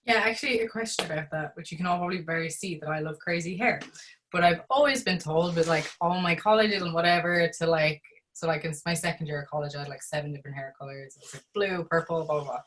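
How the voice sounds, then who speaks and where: A woman's voice: low-pitched, fast talker, fairly bright tone, slight background noise, poor audio. A young woman, a drama student, asking a rambling, uncertain question full of fillers. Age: young adult. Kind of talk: asking a question in a group discussion.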